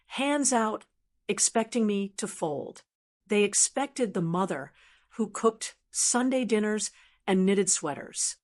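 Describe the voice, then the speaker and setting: A woman narrating a first-person drama story in a calm, dry, measured way. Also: medium pitch.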